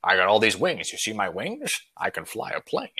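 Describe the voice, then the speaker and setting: A man's voice: on the low side, wildly swooping pitch, brisk, sharp tone, heavily acted. A man doing a Sean Connery impression as a swaggering, blustering airline captain in a told joke. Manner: gruff, blustering, pompous.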